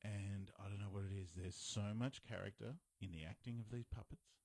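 A man's voice: fairly low pitch, fairly even intonation, fairly quick, a little mellow, husky, no room sound. A man hosting a casual chat, retelling a film and acting out lines in exaggerated voices. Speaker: podcast host.

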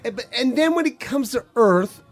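A woman co-hosting a casual geek chat, excitable and quick to laugh, swearing freely as she gushes. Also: a little high, soft background music. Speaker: podcast co-host.

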